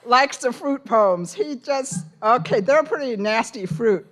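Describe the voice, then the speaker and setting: A woman's voice: a little high, unhurried, few pauses, fairly bright tone. A woman poet from Hong Kong giving a live poetry reading, with wry, teasing asides between the poems. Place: university poetry center reading room.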